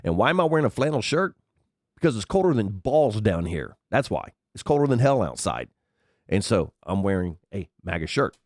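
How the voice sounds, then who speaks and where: This is a man with a cold-thickened, very deep voice, hosting his own podcast in a loose, rambling way and cursing casually. His pitch still bounces around a lot as he talks. The sound is close and dry, recorded on a headset. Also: very animated, moderate pace, dry recording. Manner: rambling, chatty, swears freely. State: sick, congested with sniffles. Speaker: podcast host. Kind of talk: casual commentary monologue.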